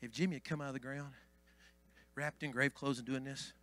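A man preaching a Pentecostal sermon as pastor, swinging from hushed asides to shouted climaxes. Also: mid-range voice, steady tone, a little fast, faint music behind.

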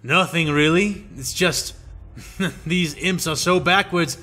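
A man voicing a gruff, sarcastic male soldier captain who grumbles. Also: on the high side, animated, moderate pace, sharp tone.

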